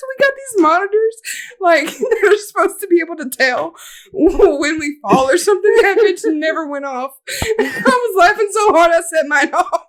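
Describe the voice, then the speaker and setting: High-voiced woman rambling through funny stories. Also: lively intonation, moderate pace. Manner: rambling storyteller, laughs often through her stories. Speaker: podcast co-host. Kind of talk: casual chat.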